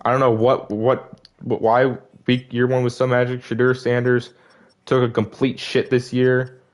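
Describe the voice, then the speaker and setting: Speaking a little slowly with a flat delivery, a young man in a mid-range voice gives casual commentary on his gameplay. He's a gaming video creator, and he comes across as disappointed and frustrated while going over season stats.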